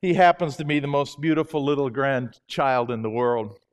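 A man's voice: mid-range voice, moderate pace, clean tone. An older man from Alabama, speaking as a guest speaker to a live audience in a jokey, chatty way. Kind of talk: chapel talk.

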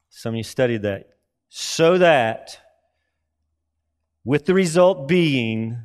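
Man, preacher, emphatic sermon, rhetorical questions, drawn-out emphasis. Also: medium pitch.

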